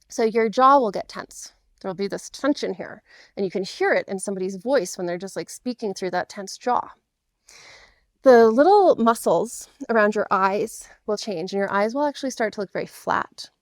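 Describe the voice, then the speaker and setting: A woman's voice: mid-range voice, no echo. Earnest woman coach, dry close sound. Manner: earnest, explanatory, reassuring. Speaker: divorce coach for men. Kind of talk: direct-to-camera coaching talk.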